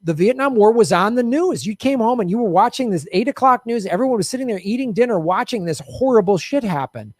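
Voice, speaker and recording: A man's voice: high voice, lively intonation, fast, hardly any pauses, dry recording, clean studio sound. A middle-aged man hosting a casual political commentary show, heated and sarcastic, swearing freely.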